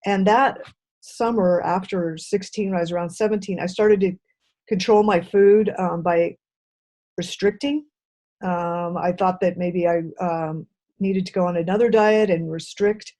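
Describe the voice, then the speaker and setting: A middle-aged woman tells her own story as a guest on an interview show. Her voice is mellow and warm, and she speaks softly and thoughtfully, pausing on "um" as she gathers her memories. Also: on the low side, fairly even intonation. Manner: soft-spoken, reflective, hesitant with "um" and "uh".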